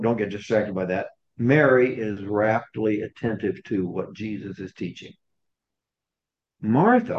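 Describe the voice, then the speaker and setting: A man's voice: mid-range voice, a little mellow. A man preaching a sermon in a conversational way, often repeating and restarting his phrases. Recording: roomy, dull recording.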